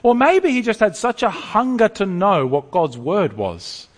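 A man preaches to a congregation. His fairly high voice leaps up and down in pitch. He often stumbles and restarts his phrases as he talks. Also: measured pace, in a large hall. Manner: lively, animated, stammering restarts. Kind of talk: sermon.

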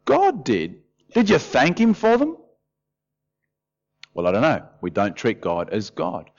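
Lively man preaching. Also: on the high side, measured pace, creaky, lo-fi sound. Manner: lively, conversational, often acts out quoted voices. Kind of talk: sermon. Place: church hall.

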